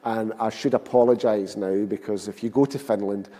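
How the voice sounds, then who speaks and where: Man, glasgow accent, 50s, dark mellow voice, wry anecdotal speech, long hall reverb. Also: on the low side, moderate pace. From Scotland. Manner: wry, anecdotal, self-mocking. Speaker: speaker at a public event. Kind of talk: storytelling speech to an audience. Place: public hall.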